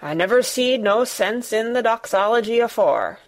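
A woman reading a storybook, voicing a hoarse, blunt old gardener. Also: on the high side, expressive, moderate pace. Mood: gruff. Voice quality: hoarse, rough dialect. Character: gruff old Yorkshire gardener, man.

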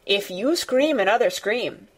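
A woman voicing a fierce, bossy little girl who shouts and scolds. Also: mid-range voice, animated, a little slow. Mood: furious.

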